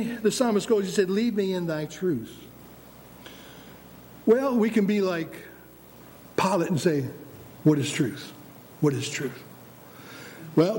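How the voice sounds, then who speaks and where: A pastor preaching with a high, mellow voice, his delivery animated as he acts out voices of God and believers. A faint background ambience is heard behind him. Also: a little hiss or hum. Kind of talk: sermon.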